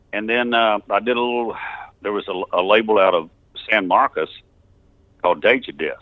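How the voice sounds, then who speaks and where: Heard on a tinny phone line with no echo, an older musician from Texas talks in a lowish voice during a casual interview. His stories ramble, and he chuckles and restarts often.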